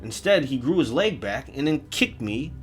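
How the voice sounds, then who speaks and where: A man telling a comedic first-person horror story, profane, jumping between loud outbursts and hushed asides. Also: medium pitch, big pitch swings, normal speed, faint music behind.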